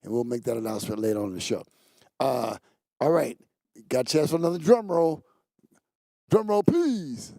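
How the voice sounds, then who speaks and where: A gravelly-voiced man talks a little fast as he hosts a church talk show from a studio set. He's a pastor who gives casual announcements playfully, bantering with the crew, his pitch jumping animatedly. The recording is dry.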